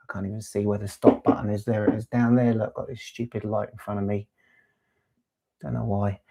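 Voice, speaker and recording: A man's voice: lowish voice, flat delivery, brisk, creaky, warm tone. Chatty man hosting a live stream. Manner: rambling, chatty, reads chat aloud. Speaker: LEGO channel host. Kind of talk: casual live-stream chat.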